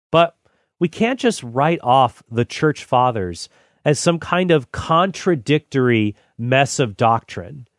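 A man reading old church writings aloud and commenting on them in a measured, deliberate way. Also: mid-range voice, dry recording, studio quality. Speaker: Catholic apologist host.

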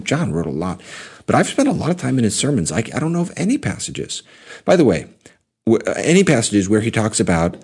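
A man's voice: lowish voice, a little mellow, breathy edge. A man explaining his reading of the church fathers, often restarting and correcting himself as he goes. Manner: halting, self-correcting speech. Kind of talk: lecture clip.

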